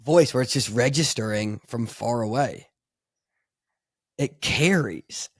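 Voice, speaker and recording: A man's voice: mid-range voice, normal speed, darkish tone, no echo. Chatty rambling man, dry sound. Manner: rambling, laughing, full of fillers and restarts. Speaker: podcast co-host. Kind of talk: casual chat.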